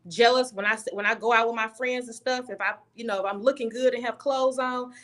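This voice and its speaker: A woman's voice: fairly high pitch, steady tone, a little fast, fairly bright tone. A young woman guest on a video call, telling a personal story candidly and bluntly, often restarting her sentences.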